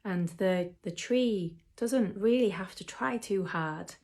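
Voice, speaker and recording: A woman who teaches mindfulness and acupressure in a gentle, chatty way, with frequent ums. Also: mid-range voice, slow. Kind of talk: relaxed instructional talk to camera.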